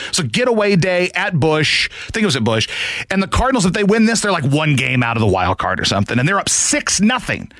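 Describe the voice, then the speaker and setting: A man in his thirties hosting sports talk radio, telling a long story in an animated way with shouted asides. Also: fairly high pitch, no echo. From St. Louis area.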